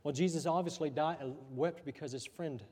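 A man preaching a sermon as pastor, pausing often, repeating rhetorical questions and letting his voice drop softly at the ends of lines. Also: a little high, slightly rough. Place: church sanctuary. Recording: church hall reverb.

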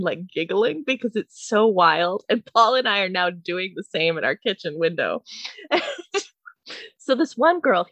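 A young woman from Canada telling a comedic story, animated and profane, often laughing. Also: mid-range voice, no echo.

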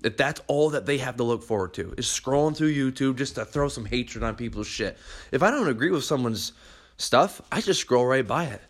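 A man's voice: mid-range voice, expressive, fairly quick. A young man hosting a podcast, talking bluntly and animatedly, swearing freely as he gives motivational advice. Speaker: podcast host.

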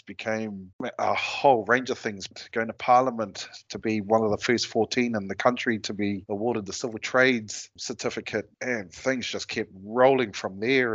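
A man with a New Zealand accent, a guest telling his personal story in an animated way and acting out what others said. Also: fairly low pitch, no room sound, lo-fi sound. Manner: animated storyteller who acts out quoted dialogue.

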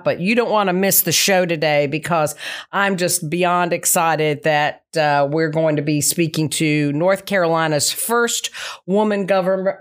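A woman hosting a local talk show, talking in a casual, rambling, upbeat way with many ums and asides. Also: lowish voice. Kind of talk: casual chatty monologue.

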